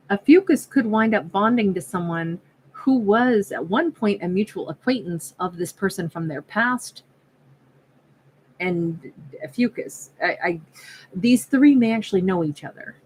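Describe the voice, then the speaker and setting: A woman with a medium-pitched, slightly mellow, husky voice does an informal tarot reading, chatty and musing, with lively intonation and a measured pace. She interrupts and restarts herself often and acts out imagined dialogues; the recording is low quality.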